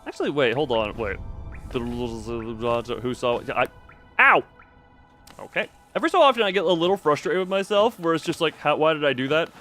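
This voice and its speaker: Guy streaming a game, slightly high voice, rambly and talks to chat a lot. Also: moderate pace, pushed and bright, soft background music. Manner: rambling, self-interrupting, talks to chat and to himself. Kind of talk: casual live-stream chat while playing.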